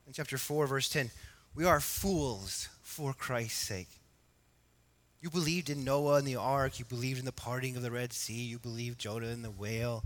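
Bright-voiced man preaching a sermon. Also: medium pitch, normal speed. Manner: emphatic, rising to loud exhortation, then quiet and reflective; asks the congregation questions. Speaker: pastor. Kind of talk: expository sermon.

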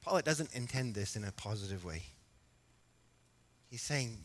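A man preaching an expository sermon, emphatic at times and quiet at others, asking his congregation questions. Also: fairly low pitch, lively intonation, moderate pace, pauses often. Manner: emphatic, rising to loud exhortation, then quiet and reflective. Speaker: pastor.

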